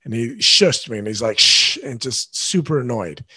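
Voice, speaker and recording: A man's voice: mid-range voice, expressive, normal speed, pushed and bright, husky, no room sound. A man hosting a parenting podcast alone, talking earnestly and directly to his listeners. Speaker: father. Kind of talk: solo podcast monologue.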